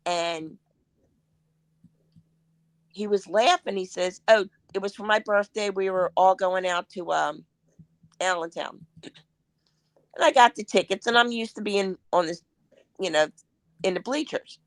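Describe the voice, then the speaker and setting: A woman's voice: medium pitch, unhurried, long pauses, no room sound. A woman guest on a podcast, telling anecdotes in casual chat and acting out what people said. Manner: anecdotal storytelling, acts out quotes.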